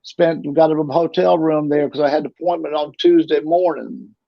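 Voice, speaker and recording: A man's voice: on the high side, steady tone, normal speed, vocal fry, no room sound. A middle-aged man telling his story casually as an interview guest, rambling and often repeating and restarting his words. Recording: dull lo-fi recording.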